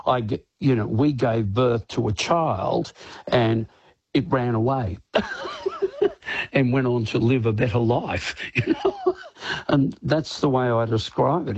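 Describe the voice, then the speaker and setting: An older Australian man talks in a loose, rambling way, full of filler phrases and quick laughs. His voice is husky. The studio sound is dry and close. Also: mid-range voice, a little mellow, no echo, muffled recording. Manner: rambling, many "you know"s, laughs often. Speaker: rock singer guest. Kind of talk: casual radio interview.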